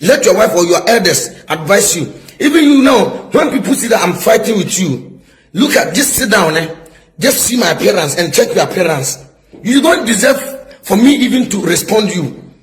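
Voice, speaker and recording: A man's voice: high voice, low-quality recording. A man delivers a preaching-style rebuke, pressing his points again and again. He asks his listeners whether they get his point and repeats himself for emphasis. He sounds middle-aged. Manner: emphatic, repetitive, asks "is somebody getting my point?". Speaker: prophet.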